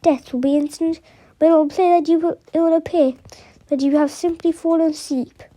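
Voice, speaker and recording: A woman's voice: sits high, fairly even intonation, brisk, mellow, close to an everyday voice. Woman reading as a cold threatening kidnapper woman. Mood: menacing. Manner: plainly read with little change of voice.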